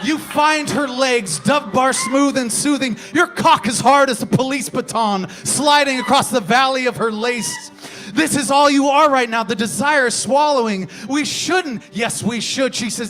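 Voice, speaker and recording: A man performing an explicit spoken word poem, theatrical, moving from hushed lines to shouts. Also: very high voice, a little slow, soft background music. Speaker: slam poet.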